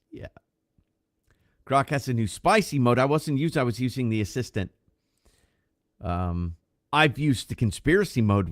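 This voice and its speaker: A man with a creaky, medium-pitched voice is heard in a dry, studio-quality recording. Co-hosting a livestreamed casual podcast, he talks loosely, swears, uses plenty of fillers, and thanks viewers along the way.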